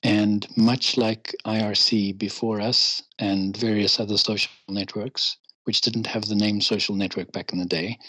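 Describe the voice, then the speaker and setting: A man talks as a podcast guest, chatty and self-deprecating, ready to rant. His voice sits low with a husky edge. The recording is dry and close, with no room sound. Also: flat delivery, measured pace, few pauses, pushed and bright, no room sound, low-quality recording. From England. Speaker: interview guest. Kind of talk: casual podcast interview.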